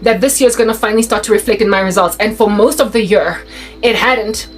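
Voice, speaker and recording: A young South African woman telling a personal story in a casual, animated way, slipping in Sesotho phrases as she goes. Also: medium pitch, brisk, soft background music, low-quality recording. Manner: animated, mixes in Sesotho phrases, restarts often.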